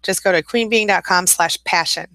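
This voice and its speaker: A woman's voice: fairly low pitch, normal speed, pushed and bright, no echo. A middle-aged woman hosting a live stream, reading out viewer comments and greeting people in a chatty, welcoming way with frequent laughs. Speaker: host.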